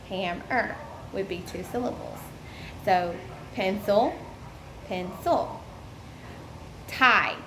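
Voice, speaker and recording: A young woman walks through a classroom lesson plan slowly, filling her pauses with ums as she explains each step. Her voice carries a roomy echo with a faint hiss of background noise. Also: mid-range voice. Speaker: education student presenting a lesson plan. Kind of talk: recorded lesson plan presentation. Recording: echoey room with faint noise.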